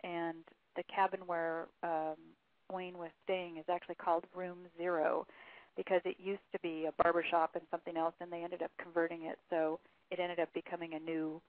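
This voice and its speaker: Woman, interview guest, phone line, lowish pitch, storytelling, fillers, dry tinny sound. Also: little pitch movement, a little fast, dry recording. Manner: storytelling, reads quotes aloud, frequent fillers. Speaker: author guest. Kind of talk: phone interview, recounting a case.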